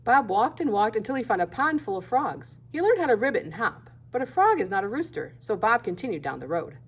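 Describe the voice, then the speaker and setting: A woman reading a picture book aloud with a very lively, sing-song delivery. Her voice has a husky, breathy edge. She plays up the animal noises as she goes. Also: a little high, a little fast. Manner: expressive, voices animal sounds. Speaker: storybook reader.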